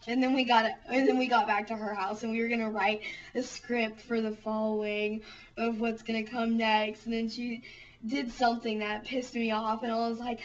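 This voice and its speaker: A woman's voice: fairly high pitch, flat delivery, normal speed. A young woman telling a funny story in a rambling, giggly way, full of fillers. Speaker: vlogger. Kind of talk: casual storytelling. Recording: distant, dull lo-fi home recording.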